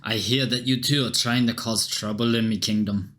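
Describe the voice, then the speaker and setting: A man voicing a stern, armored male soldier with a Scottish accent and a gruff, formal manner. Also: lowish voice, steady tone, normal speed, fairly bright tone, close to an everyday voice.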